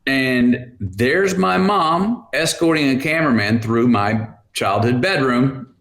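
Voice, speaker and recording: A slow-talking man in his fifties with a medium-pitched voice appears as a guest on a podcast interview. He's an animated storyteller who laughs often and acts out the voices of the people he quotes.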